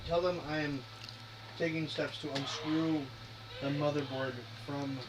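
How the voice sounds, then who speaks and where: Man, home streamer, relaxed jokester, high voice, noticeable background hiss. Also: measured pace. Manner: laid-back, joking. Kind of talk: casual livestream chat. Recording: noisy stream mic.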